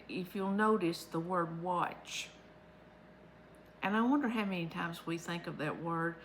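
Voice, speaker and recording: Woman hosting a homespun devotional vlog, lower voice, casual chat pace. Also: vocal fry, a bit bright, slight background noise, poor audio. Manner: chatty, homespun, unhurried. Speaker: vlog host. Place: her home.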